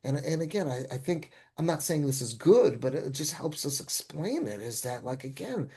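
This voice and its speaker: A man's voice: on the high side, very animated, normal speed, mellow, breathy edge. A man, a rabbi, telling a travel story in casual discussion, rambling with frequent restarts and self-corrections.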